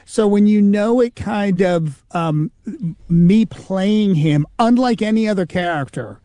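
A high-pitched, unhurried man, recorded with no room sound, is a comedian and impersonator telling anecdotes in an interview. His storytelling is animated, and he acts out the voices of the people he quotes.

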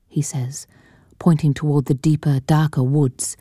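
A woman narrating a story in a measured audiobook delivery. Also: deep voice, steady tone, dark tone, breathy edge, no room sound, clean studio sound.

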